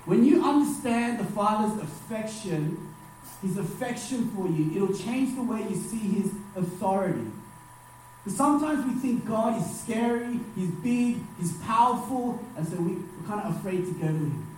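A man preaching to young people, emphatic, rising on key phrases and dropping his voice low at the end of each line. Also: lively intonation, normal speed, a little mellow, slight background noise. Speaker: youth pastor. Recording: far-off mic in a very echoey hall.

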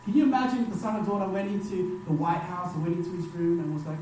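A man preaching to young people, emphatic, rising on key phrases and dropping his voice low at the end of each line. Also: steady tone, fast talker, a little mellow, a little hiss or hum. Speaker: youth pastor. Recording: far-off mic in a very echoey hall.

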